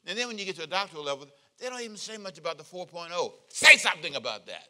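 Talking very fast in a high-pitched voice, this male pastor delivers a lively, joking, conversational sermon. He leads the congregation in call-and-response.

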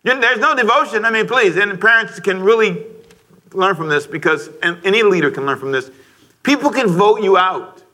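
High, bright-voiced lively preacher man. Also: normal speed. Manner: lively preaching, rising to shouts, with asides and laughter. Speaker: pastor. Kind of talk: sermon. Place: church sanctuary before a congregation.

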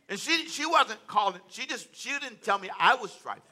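A man preaching a sermon in an animated way, acting out quotes and chuckling as he goes. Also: very high-pitched, normal speed, hardly any pauses. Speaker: pastor.

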